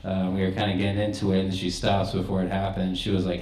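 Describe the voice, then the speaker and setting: Young man doing crude stand-up, low voice. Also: completely flat delivery, fast, few pauses, darkish tone. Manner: conversational, crude, laughs at his own jokes. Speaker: stand-up comedian. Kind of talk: stand-up set. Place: comedy club stage. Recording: echoey club room.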